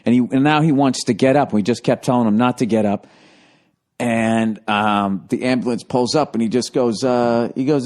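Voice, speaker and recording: A man's voice: mid-range voice, moderate pace. A man hosting a podcast, telling a story in a casual, profane, comic way. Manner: profane, animated, breaks into laughter. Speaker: podcast host.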